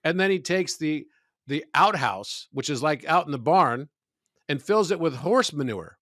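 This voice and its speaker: A man who is a podcast guest, talking in a measured, reflective way about spiritual ideas and telling stories. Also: fairly high pitch, lively intonation, a bit bright, no echo, clean studio sound. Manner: measured, storytelling, philosophical.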